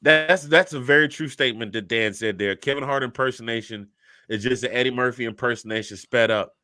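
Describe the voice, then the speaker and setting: A man's voice: mid-range voice, fairly quick, bright, forceful tone, clear, resonant tone, no echo, clean studio sound. A man in his fifties, a podcast co-host chatting casually and telling stories with frequent laughs. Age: 50s. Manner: storytelling, laughs often. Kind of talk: casual chat.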